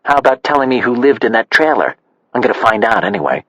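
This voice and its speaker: A man's voice: mid-range voice, sing-song, fast talker, a bit bright, no room sound. A man voicing a probing policewoman who asks wry, pointed questions, in an audiobook. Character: probing police detective woman. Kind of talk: audiobook character voice. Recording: dull, slightly muffled.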